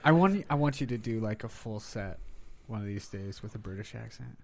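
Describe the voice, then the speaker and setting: A man's voice: on the low side, animated, fairly quick, gravelly, crowd noise. A man in a casual podcast chat who is blunt and teasing and swears freely.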